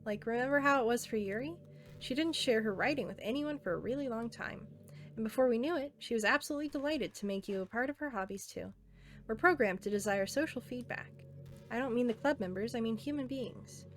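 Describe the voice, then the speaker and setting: A woman reading aloud as a self-aware teenage game girl, earnest and intimate, softly pleading. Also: fairly high pitch, brisk, natural voice. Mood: tender.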